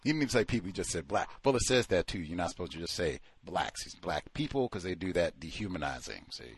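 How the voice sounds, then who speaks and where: A man's voice: low-pitched, big pitch swings, quick pace, slightly rough, dry recording. A man hosting a call-in show, talking casually and animatedly, acting out the voices of people he quotes. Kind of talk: casual radio talk.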